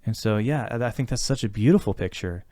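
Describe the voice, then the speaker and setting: A man with a fairly low voice talks earnestly on a podcast, circling his thoughts with fillers and restarts. The sound is dry and close, with no room around it. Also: lively intonation, quick pace, dark tone, no echo. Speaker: podcast co-host talking about therapy. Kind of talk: casual podcast conversation.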